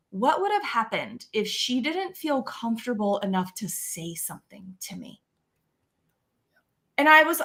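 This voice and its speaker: A woman's voice: on the high side, fairly bright tone. A middle-aged woman, a guest, telling a parenting story in an earnest way and often adding "right?". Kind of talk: casual chat.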